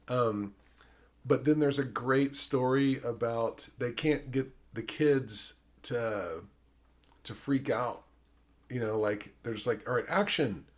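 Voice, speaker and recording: A man in mid-pitch range hosts a relaxed film chat. He rambles through fillers, swears freely, and breaks into animated voices when he retells a story. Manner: acts out quotes in animated voices. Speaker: podcast host. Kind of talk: casual film discussion.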